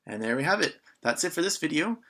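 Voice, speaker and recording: A man's voice: on the high side, sing-song, brisk, sharp tone. Patient man teaching a casual lesson. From Canada. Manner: patient, prompts learners with questions, frequent ums. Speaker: French teacher.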